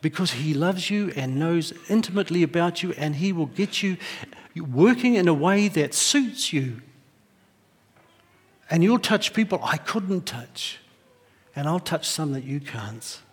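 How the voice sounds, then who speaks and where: High-voiced New pastor preaching. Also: male voice, a little slow, slightly rough. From New Zealand. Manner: lively, humorous storytelling. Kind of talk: sermon with personal anecdotes. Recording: echoey hall.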